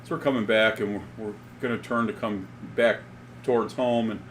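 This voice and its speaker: A man's voice: lowish voice, a little fast, slight background noise. A man co-hosting a casual chat, telling a funny story with lots of laughter and acted-out dialogue. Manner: animated storyteller, laughs often, acts out dialogue. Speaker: podcast co-host.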